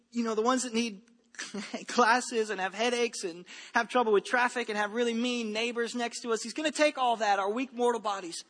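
A man preaches to his congregation in an easygoing, talky way, circling back and repeating himself. His voice sits very high and sounds bright. The sermon rings out with a long church-hall reverb. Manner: conversational preaching with frequent asides and repeated phrases. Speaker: pastor.

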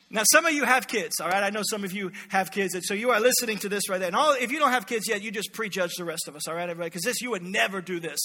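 A man preaching an animated, joking sermon to his congregation in a large church hall. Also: high voice, rapid-fire, hardly any pauses. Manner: animated, storytelling, jokes with congregation. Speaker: pastor. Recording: echoey hall reverb.

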